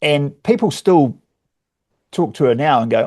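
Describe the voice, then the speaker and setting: A man's voice: fairly high pitch, big pitch swings, slow pace, a little mellow, breathy edge. Easygoing New Zealand man, podcast guest. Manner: easygoing, laughs often. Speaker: guest, speaker coach. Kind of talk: casual interview chat.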